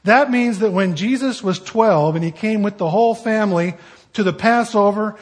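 A man's voice: high-pitched, normal speed. A middle-aged man preaching a sermon in a conversational, emphatic way with rhetorical questions.

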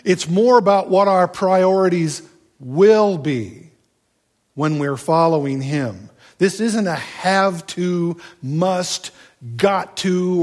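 A man's voice: a little high, darkish tone. A man preaching a sermon in a conversational, folksy way, with asides and rhetorical questions. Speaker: pastor.

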